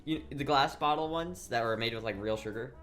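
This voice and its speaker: A young podcast co-host with a Midwestern accent and a bright, forward tone, talking in a loose ramble that trips over repeated words. The pitch sits in a middle range, and the talk is casual and salted with curses. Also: a little fast, soft background music. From Iowa, US. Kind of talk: casual chat.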